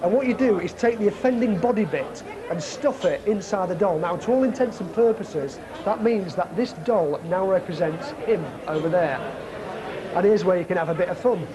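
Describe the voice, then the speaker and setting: A man hosting a comedy magic show gives quick, cheeky patter on a city street. His voice sits a little high for a man. Crowd noise carries clearly behind him. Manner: cheeky, chatty, joking. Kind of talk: comic street patter to camera.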